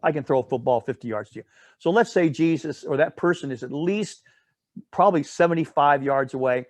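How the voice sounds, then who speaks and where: A man's voice: on the high side, fairly quick, no room sound. A man leading a casual Bible study. He retells a story in a rambling way, with asides and self-corrections, and often checks in with "all right?".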